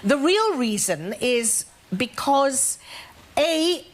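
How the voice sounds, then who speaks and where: A woman's voice: high-pitched, very animated, very slow. An older woman with a posh English accent, a talk show guest telling frank, bawdy stories. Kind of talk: anecdotal talk show chat. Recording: studio audience and noise.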